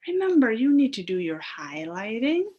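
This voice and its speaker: A woman's voice: medium pitch, big pitch swings, very slow, a bit bright, slightly rough, dull audio. A woman teacher leading a phonics lesson for young children, sounding out word parts, blending them and praising the class in a sing-song way. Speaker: elementary school teacher.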